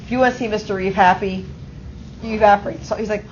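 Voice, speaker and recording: A woman lectures a high school chemistry class at a quick pace, going step by step and regularly checking on her students. Her mid-range voice is a little mellow, with fairly even intonation. Recorded on an auto-tracking camera mic, the classroom audio is slightly muffled with a little hiss or hum.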